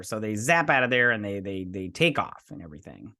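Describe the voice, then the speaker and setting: A man's voice: on the low side, expressive, a little fast, pushed and bright. A man hosting a casual episode recap and review, rambling through a loose play-by-play and adding his own sound effects. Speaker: host.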